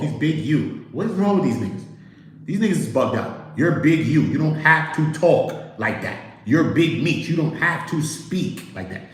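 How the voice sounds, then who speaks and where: Heavy reverb and low-quality sound surround a slightly high male voice hosting a casual livestream. He chats with viewers, tells stories animatedly and acts out quotes.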